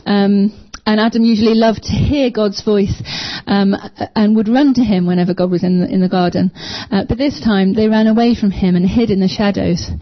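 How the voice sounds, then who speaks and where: A woman's voice: medium pitch, steady tone, moderate pace, hardly any pauses, no echo. A woman, sharing a personal faith story in a small group, hesitant with many ums but enthusiastic. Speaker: church small group member. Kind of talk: casual personal testimony. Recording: dull lo-fi sound, dry.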